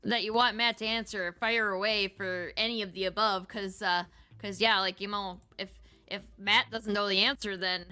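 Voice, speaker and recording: A woman's voice: mid-range voice, fairly even intonation, moderate pace, pushed and bright, smooth. A woman co-hosting a casual chat, reading out questions in a breezy way and swearing offhandedly. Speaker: co-host reading viewer questions.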